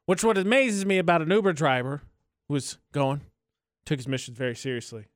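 A man co-hosting a radio show, chatting casually and telling animated, joking stories. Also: fairly high pitch, a little fast, dry recording, studio quality. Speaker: radio co-host.

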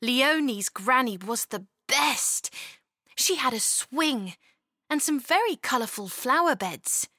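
A woman narrating a children's storybook in an expressive, lilting way, close to a studio mic. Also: sits high, slow pace, dry recording.

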